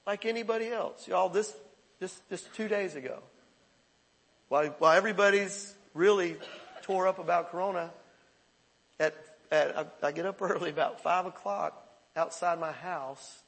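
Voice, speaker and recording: Pastor, middle-aged man, higher gravelly voice, emphatic conversational sermon, reverberant hall. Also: normal speed, pauses often, a bit bright. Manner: conversational, emphatic preaching with repetitions.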